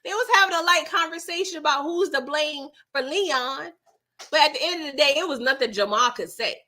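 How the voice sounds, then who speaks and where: Woman host with a bright, sharp voice, telling a show recap in a slangy, expressive way. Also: sits high, brisk. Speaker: TV recap vlogger. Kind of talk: casual episode recap commentary.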